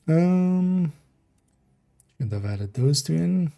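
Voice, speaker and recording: A man's voice: medium pitch, moderate pace, mellow. A man streaming a game, chatting casually in a rambling, mumbling way full of fillers. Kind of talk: casual livestream game talk.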